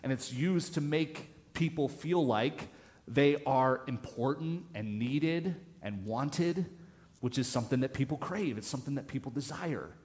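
A man's voice: mid-range voice, lively intonation, a little slow, a little mellow. A man preaching a conversational sermon in church, telling a story casually with many restarts. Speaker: pastor.

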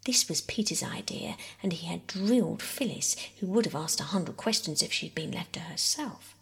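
A woman reading a classic children's novel aloud in a hushed bedtime whisper. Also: on the low side, animated, moderate pace, creaky, slightly rough. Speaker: audiobook reader. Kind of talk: whispered bedtime story narration.

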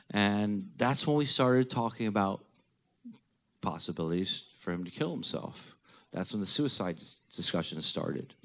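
A man's voice: lowish voice, animated, measured pace, fairly bright tone. A man telling a candid personal story in a blunt, profane, conversational way.

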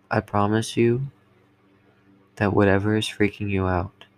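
Gravelly young man, gently reassuring. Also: on the low side. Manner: gentle, reassuring, coaxing, with playful nudges. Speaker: boyfriend recording a comfort message. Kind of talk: soothing personal voice message.

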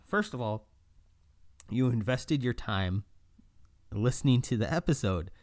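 A man's voice: medium pitch, animated, unhurried, a little mellow, dry recording, studio quality. A man hosting a podcast, talking in a casual monologue, telling stories animatedly, acting out other people's voices and laughing often. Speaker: podcast host.

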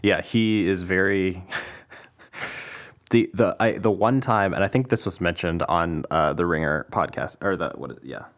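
A man with a very low voice reviews a film in loose, casual podcast chat. He rambles, restarts his sentences and laughs often. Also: measured pace. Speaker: podcast co-host.

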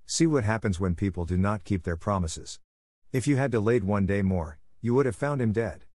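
A man voicing a stately female fairy who speaks gravely in an audiobook. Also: on the low side, animated, moderate pace, a little mellow, no room sound, clean studio sound. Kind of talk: audiobook reading.

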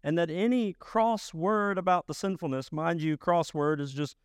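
A man preaching a sermon as pastor, emphatic and rising to loud bursts. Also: fairly high pitch, normal speed, clean tone, dry recording, studio quality.

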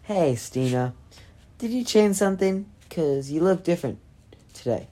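A woman's voice: lowish voice, animated, a little slow, mellow, pitched above the performer's own voice. A woman reading as a cheeky teasing teenage boy. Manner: playful, mocking.

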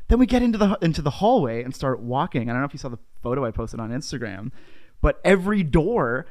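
A man's voice: medium pitch, fast talker. A man hosting a podcast, telling a long story in casual chat, rambling and filling nearly every phrase with "like". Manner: animated anecdote telling. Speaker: podcast host.

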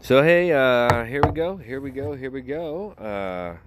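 A man's voice: mid-range voice, animated, a little slow. A man hosting a podcast, telling a rambling story in a casual way and breaking into laughter often. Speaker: podcast host.

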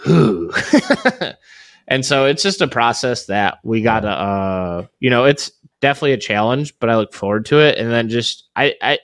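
A man's voice: medium pitch, normal speed, a bit bright, no echo. A man in his thirties talking casually as an interview guest, rambling with lots of filler words and restarts. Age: 30s. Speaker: podcast guest, real estate investor.

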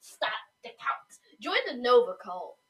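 Chatty young woman, slightly high voice. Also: big pitch swings, takes it slowly, husky, muffled recording. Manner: chatty, full of fillers, giggly. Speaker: podcast co-host. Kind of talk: casual chat.

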